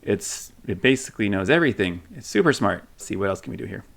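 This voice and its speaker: A man casually demonstrating a chatbot on his computer, thinking aloud, reading replies off the screen, and pausing on frequent ums. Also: on the low side, very animated. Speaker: tech video host. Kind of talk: casual screen-recorded demo.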